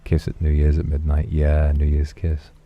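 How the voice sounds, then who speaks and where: A man streaming, chatting softly and affectionately as he reads viewer donations. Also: extremely low pitch, completely flat delivery, moderate pace, lo-fi sound. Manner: soft, affectionate, musing. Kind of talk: casual chat reading donations.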